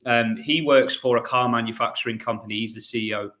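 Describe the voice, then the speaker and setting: Guy hosting a podcast, chatty, keeps restarting, ordinary pitch. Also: fairly even intonation, fast talker, sharp tone. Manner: chatty, with frequent restarts and repeated words. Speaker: podcast host. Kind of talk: casual podcast conversation.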